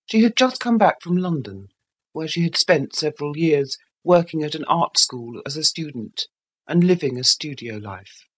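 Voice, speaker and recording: A woman reading a classic novel as an audiobook narrator, in a measured literary manner. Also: low-pitched, animated, slightly rough.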